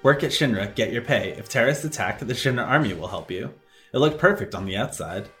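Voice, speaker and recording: A man voicing a cold, arrogant young company president who makes smug, slow speeches. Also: medium pitch, animated, a bit bright, soft background music, pitched below the performer's own voice, lightly acted.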